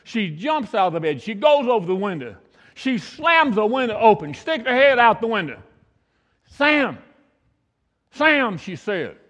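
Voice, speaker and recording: High-voiced folksy preacher in an echoey hall. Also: male voice, very animated, normal speed, fairly bright tone. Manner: homespun, repeats himself for emphasis. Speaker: pastor. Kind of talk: folksy storytelling sermon.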